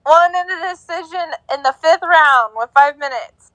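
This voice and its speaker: A woman's voice: very high-pitched, normal speed, fairly bright tone, dry recording, rough recording. A young woman co-hosting a casual podcast, giggling as she stumbles over names. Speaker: co-host giving sports news.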